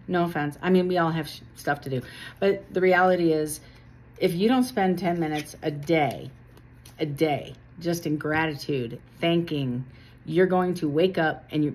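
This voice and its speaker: A woman's voice: fairly low pitch, husky. A woman giving a casual tarot reading to camera, earnest and chatty, with a self-deprecating touch. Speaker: tarot reader.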